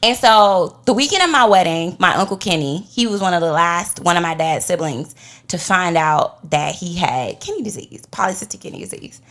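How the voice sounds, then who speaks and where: Woman telling an animated faith story. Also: on the low side, normal speed. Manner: animated storytelling, acts out quotes. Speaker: podcast co-host. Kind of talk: faith podcast chat.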